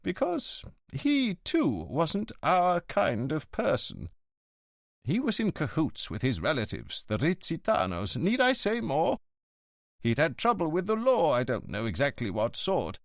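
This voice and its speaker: Diretor escolar idoso e pomposo, interpretado por um homem, fala lenta e altiva, entonação muito variada. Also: male voice, a little high, wildly swooping pitch, vocal fry, no echo, clean studio sound, pitched above the performer's own voice, exaggerated voice. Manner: slow, lofty, disapproving. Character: elderly retired male headmaster, stern and pompous.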